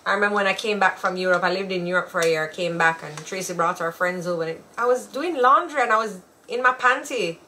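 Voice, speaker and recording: A woman's voice: on the low side, quick pace, few pauses, bright, forceful tone, slight background noise. A woman, co-hosting a casual chat show and telling stories with frequent laughter. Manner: chatty, laughing storyteller. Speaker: podcast co-host.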